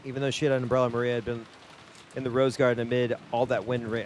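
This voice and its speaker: A man's voice: mid-range voice, flat delivery, rapid-fire, darkish tone, a little hiss or hum. A male streamer playing a game live, reading the narration aloud and reacting with exasperated swearing.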